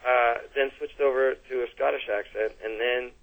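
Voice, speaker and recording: A middle-aged man with a Canadian accent tells stories as an interview guest, circling back and restarting as he goes. His voice sits at an ordinary pitch. It comes through a tinny, phone-like line. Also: steady tone, moderate pace. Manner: chatty storyteller, restarts and fillers, laughs easily. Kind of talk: casual interview chat.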